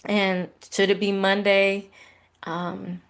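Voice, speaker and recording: A woman in her thirties, a podcast host, casually telling a personal faith story in a conversational, animated way. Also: mid-range voice, slow pace. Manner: conversational, animated retelling with laughs.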